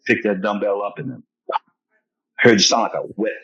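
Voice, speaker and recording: A man's voice: fairly low pitch, steady tone, normal speed, a bit bright. A man telling stories as a podcast interview guest, acting out other people's lines and chuckling often. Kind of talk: animated storytelling in a podcast interview. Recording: dull lo-fi podcast audio.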